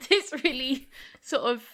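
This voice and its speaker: A woman co-hosting a film podcast in casual chat, quick to laugh and often restarting her sentences. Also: sits high, lively intonation, bright, forceful tone. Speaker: podcast co-host.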